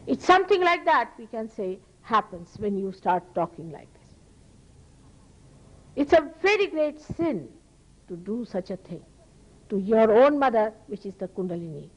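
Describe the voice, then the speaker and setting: A woman's voice: fairly high pitch, big pitch swings, muffled recording. Earnest Indian woman giving a spiritual lecture. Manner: earnest, emphatic, moralizing, with pauses and restarts. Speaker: spiritual teacher.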